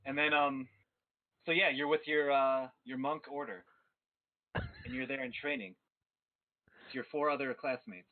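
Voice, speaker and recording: A man narrating a tabletop game as game master, telling the scene in an animated way. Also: medium pitch, a little slow, pauses often. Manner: animated storytelling. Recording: tinny phone-like stream audio.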